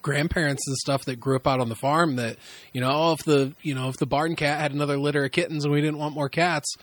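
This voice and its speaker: Loud, profane man with a fairly high voice. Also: quick pace. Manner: loud, profane, animated storyteller. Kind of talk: casual chat.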